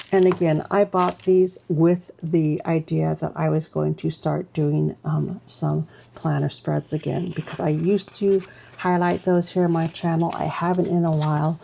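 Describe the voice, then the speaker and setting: Woman, stationery vlogger, low pitch, gravelly, gushing, chatty, faint background noise. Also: warm tone. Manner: gushing, exclamatory, chatty with fillers. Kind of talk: casual unboxing chat.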